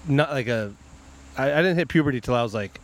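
A man's voice: medium pitch, animated, quick pace. A man co-hosting a podcast, talking in a rambling casual way. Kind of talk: casual chat.

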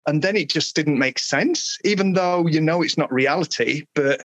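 A man's voice: fairly high pitch, moderate pace, fairly bright tone, dry recording, highs cut off. Chuckling man, rambling story. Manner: rambling, laughs often. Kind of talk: casual chat.

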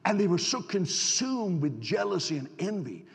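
Gravelly-voiced pastor in a reverberant hall. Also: male voice, sits high, very animated, normal speed. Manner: folksy, stammering restarts, rhetorical questions to the congregation. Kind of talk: storytelling sermon. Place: church sanctuary.

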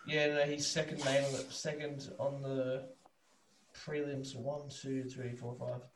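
An Australian man co-hosting a podcast, loose and excitable, swearing a lot, talking over a remote call. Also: mid-range voice, unhurried, slight background noise, rough recording. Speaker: podcast co-host. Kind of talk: casual chat.

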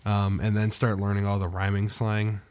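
A man's voice: fairly low pitch, monotone, moderate pace, darkish tone, clean tone. A man co-hosting a podcast in casual, joking chat, easygoing and self-deprecating with hesitant fillers. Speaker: podcast co-host.

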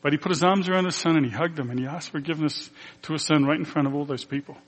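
A man's voice: fairly high pitch, fairly even intonation, rapid-fire. Earnest male pastor in a reverberant hall. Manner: earnest storytelling, acting out quoted dialogue. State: emotional. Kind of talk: personal testimony in a sermon.

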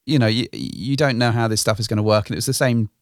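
A man's voice: medium pitch, fast talker, no echo, studio quality. A man co-hosting a podcast, telling a story in a rambling, casual way and hedging with "sort of". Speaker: podcast co-host. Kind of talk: casual chat.

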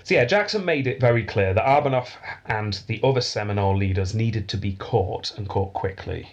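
Brief: male podcast host, low husky voice, dry joking history storyteller. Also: brisk, dull audio. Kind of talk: casual history podcast chat.

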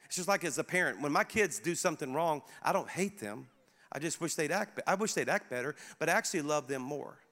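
A middle-aged male pastor preaching a sermon in a conversational, animated way, speaking directly to his congregation. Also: on the high side, fast. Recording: echoey hall.

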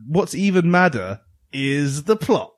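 A man co-hosting a casual retro gaming podcast, reading a game's plot aloud with jokey asides. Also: slow. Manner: animated, jokey, sudden jumps in pitch. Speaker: podcast co-host.

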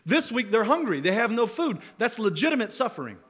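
A man's voice: very high voice, very animated, fairly quick, a bit bright, breathy edge. A man preaching a sermon as pastor, talking conversationally and building to emphatic rhetorical questions. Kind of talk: expository sermon.

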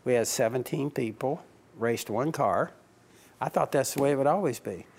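A team-owner type tells anecdotes, laughing through his answers and acting out both sides of old conversations. His mid-range voice moves at a normal speed and sounds a little mellow and husky.

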